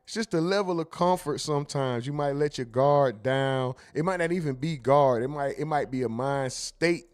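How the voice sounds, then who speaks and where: A man's voice: medium pitch, normal speed, few pauses. A man hosting a casual livestream who reads chat comments aloud, jokes, curses freely, and slips into mimicry. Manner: profane, joking, mimics others. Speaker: livestream host.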